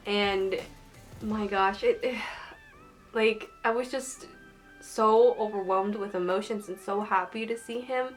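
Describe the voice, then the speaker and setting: A woman's voice: mid-range voice, fairly even intonation, measured pace, faint music behind. A woman chatting casually as a fan, gushing and emotional, with lots of fillers. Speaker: manga fan reviewer.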